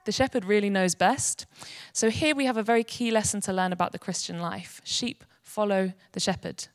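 A woman giving an earnest, gentle devotional teaching. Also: mid-range voice, normal speed, no room sound, clean studio sound. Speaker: Bible teacher.

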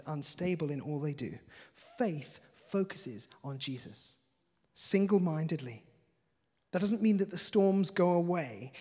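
A high-voiced, slightly husky man preaches in an earnest, chatty way, laughing lightly between points. His voice rings out with the long reverb of a large hall. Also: a little mellow. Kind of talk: sermon.

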